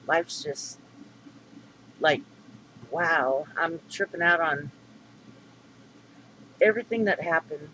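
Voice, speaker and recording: Middle-aged man, high bright voice, rambling aggrieved vlog rant. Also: slow pace, long pauses, a little hiss or hum, rough recording. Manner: rambling, aggrieved, many fillers and restarts. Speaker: vlogger. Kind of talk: upset venting monologue.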